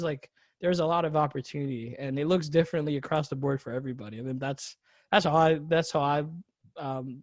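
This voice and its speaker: A man's voice: on the high side, no echo. A young man hosting a casual podcast conversation, rambling with lots of fillers and restarts. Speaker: podcast host.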